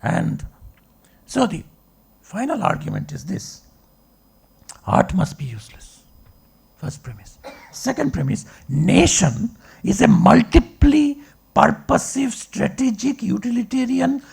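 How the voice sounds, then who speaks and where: A man's voice: very high voice, very animated, a little slow, creaky, long pauses, slightly rough. A man, a philosophy professor, giving a discursive public lecture and checking in with the audience with rhetorical questions. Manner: discursive, asks rhetorical checks like okay and right.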